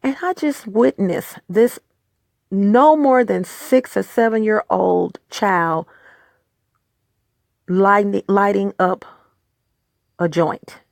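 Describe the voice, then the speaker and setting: A woman's voice: medium pitch, slow, vocal fry, pauses often, no echo, studio quality. A woman hosting her own video, delivering a heated, exasperated rant full of stammers and restarts. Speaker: vlog host. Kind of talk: angry personal rant.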